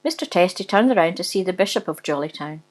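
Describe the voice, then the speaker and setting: Reading a cheeky comic story aloud, this woman speaks quickly and animatedly in a lowish voice over a rough recording. She keeps giggling and dissolving into laughter mid-read.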